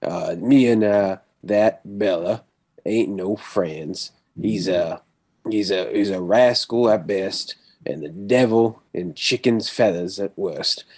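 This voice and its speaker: A man voicing a gruff Southern rancher with a put-on Texan drawl, folksy and a bit stumbling. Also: lowish voice, slow pace, a little mellow.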